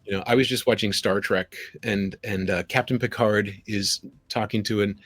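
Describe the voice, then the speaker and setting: Animated man telling stories on a call. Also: on the low side, normal speed, dry recording. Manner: animated, quotes people in little voices. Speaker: guest. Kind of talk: conversational storytelling. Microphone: video call.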